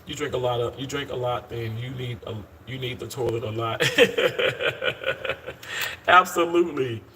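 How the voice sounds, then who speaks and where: A man's voice: medium pitch, unhurried, bright, forceful tone, slight background noise. A man in his thirties on a casual live stream, upbeat and talkative, calling viewers y'all and often restarting his sentences. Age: 30s. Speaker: live-streaming surgical worker. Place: hospital.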